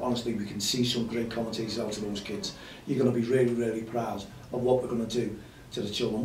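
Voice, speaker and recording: A man hosting a grassroots football show, talking casually in a rambling, folksy way with a Merseyside accent and a voice that is going hoarse. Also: on the low side, a little mellow, a little hiss or hum. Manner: rambling, folksy, repeats himself. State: hoarse, losing his voice. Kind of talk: casual chatty show talk. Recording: echoey room, mic at a distance.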